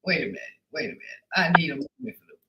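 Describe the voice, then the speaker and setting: Woman hosting a chat show, playful, teasing, a bit softer-spoken. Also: low voice, very animated, racing. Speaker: talk show host. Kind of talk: casual chat.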